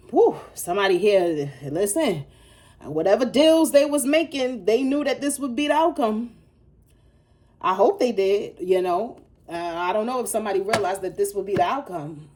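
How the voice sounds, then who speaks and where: A woman's voice: medium pitch, darkish tone, a little hiss or hum. A woman giving a casual tarot reading, blunt and profane, repeating her points emphatically and laughing between lines. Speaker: tarot reader.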